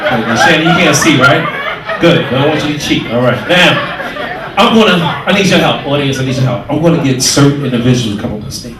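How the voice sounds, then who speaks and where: A man doing live stand-up crowd work, loud and teasing and laughing through his lines, heard from a comedy club stage. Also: mid-range voice, expressive, fast, very noisy. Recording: echoey venue from far off, loud crowd.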